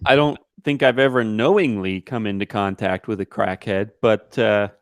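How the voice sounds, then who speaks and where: A man's voice: fairly low pitch, moderate pace, no room sound, clean studio sound. A man co-hosting a podcast in casual chat, laughing easily and stumbling into restarts. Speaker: podcast co-host.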